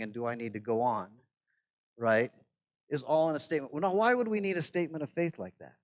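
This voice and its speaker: A man's voice: fairly high pitch, lively intonation, brisk. A man, a pastor, lecturing a class on church administration in a conversational way, often checking in with "right?" and adding wry asides.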